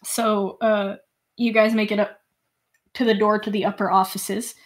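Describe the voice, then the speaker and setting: A woman game master narrating a tabletop session in a mid-pitched voice. She is animated and breaks into quick laughs as she describes the scene.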